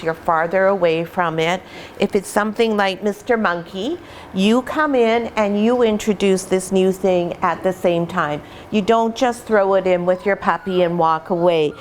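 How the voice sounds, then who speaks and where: A middle-aged woman who breeds puppies, explaining patiently and warmly in an instructional vlog at home, sometimes slipping into playful voices. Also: mid-range voice, a little hiss or hum. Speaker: puppy breeder.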